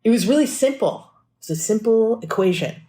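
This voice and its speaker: A woman musician telling stories in a casual podcast interview, lively and chatty, acting out what people said. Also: fairly high pitch. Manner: animated storytelling, acts out quotes; fast and chatty, frequent "like". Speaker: musician guest.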